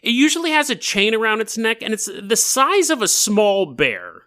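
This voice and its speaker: A male podcast host spins a spooky story in a loose, joking, rambling manner. His voice is very bright and a little high, and it rises and falls constantly. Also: sing-song, moderate pace.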